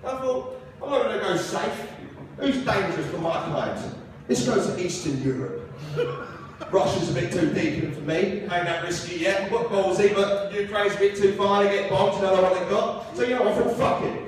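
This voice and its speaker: A man's voice: sits high, moderate pace, a little hiss or hum. A young man doing a stand-up comedy set in a comedy club, crude and swearing, with mock-outraged punchlines. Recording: echoey club room from far off.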